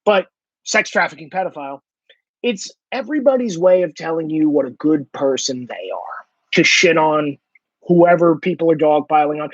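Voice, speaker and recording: A man's voice: a little high, animated, moderate pace, dry recording. A man hosting a ranting commentary monologue, profane and mocking, with a slightly dull lo-fi sound. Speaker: host.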